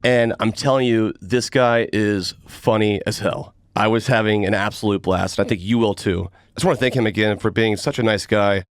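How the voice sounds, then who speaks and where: A man's voice: fairly low pitch, fairly even intonation, normal speed, hardly any pauses, clear, resonant tone, dry recording, clean studio sound. A young man from Atlanta, hosting a podcast and speaking casually and enthusiastically, with easy laughter. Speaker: podcast host. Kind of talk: casual podcast intro and chat.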